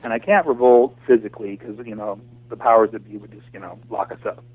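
This lowish-voiced man from the United States talks quickly as a fired-up guest on a casual phone call, ranting with frequent fillers and restarts. The call audio is thin and tinny, completely dry with no room sound.

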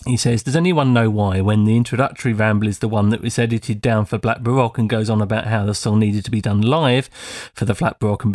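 Rambling low-voiced male podcast host. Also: no room sound, clean studio sound. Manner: rambling, self-deprecating, hesitant with fillers. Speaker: podcast host reading listener feedback. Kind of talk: casual podcast monologue.

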